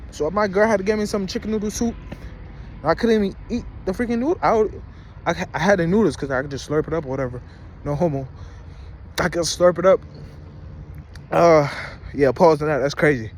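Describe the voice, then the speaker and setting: A man's voice: a little high, a little fast, pauses often, a little hiss or hum. A man in his twenties ranting casually in a rambling, slangy, incredulous way outdoors at a rest stop. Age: 20s. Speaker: vlogger. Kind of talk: casual commentary rant.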